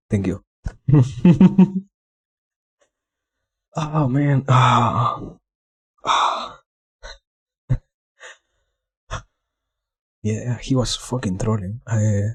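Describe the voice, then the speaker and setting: Flustered, husky-voiced male streamer. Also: fairly low pitch, no room sound. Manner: flustered, swearing and laughing often. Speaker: livestreamer. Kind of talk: casual livestream chat.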